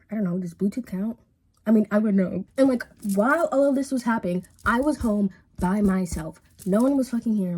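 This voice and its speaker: A woman's voice: medium pitch, warm tone, slightly rough. A young woman telling a rambling, casual storytime while she paints, full of fillers and swearing, acting out the people in her story. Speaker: vlogger.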